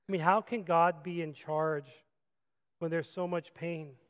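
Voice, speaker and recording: A man preaching a sermon as pastor, animated, moving from loud acted-out quotes to quiet reflective passages. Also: a little high, in a large hall, dull audio. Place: church sanctuary.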